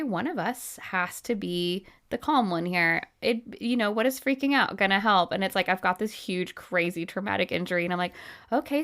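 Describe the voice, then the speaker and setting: A woman's voice: medium pitch, smooth. Chatty woman in her thirties hosting. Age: 30s. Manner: chatty, animated storytelling with frequent laughs. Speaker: podcast host. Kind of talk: casual interview chat.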